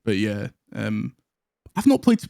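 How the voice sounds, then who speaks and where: A man's voice: fairly low pitch, huge pitch swings, slow pace, vocal fry, warm tone, no room sound, studio quality. A young British man chatting casually as a podcast guest, loose and rambling, with laughs slipping into his sentences. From Britain. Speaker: guest co-host. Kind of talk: casual chat.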